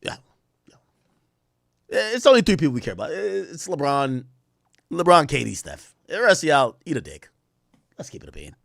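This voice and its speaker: A man streaming a casual reaction, excitable and profane, full of slang. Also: a little high, normal speed, creaky, long pauses, dry recording, clean studio sound.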